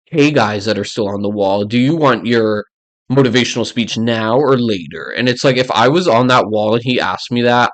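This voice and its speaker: A young man rants casually to his audience as a YouTuber. He gives blunt opinions and rambles, with fillers all through his talk. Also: mid-range voice. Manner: blunt and ranting, with many "like" fillers. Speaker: YouTuber ranking reality show players.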